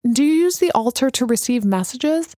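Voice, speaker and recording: A woman's voice: high-pitched, lively intonation, normal speed, mellow, no room sound, studio quality, pitched above the performer's own voice. A woman voicing a curious, eager young woman who asks many questions.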